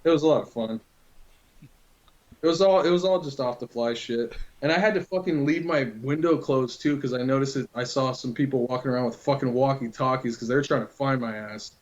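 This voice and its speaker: A man with a medium-pitched voice talks briskly, casually telling a friend a long prank story in a loose, profanity-filled chat. The recording sounds dull and lo-fi.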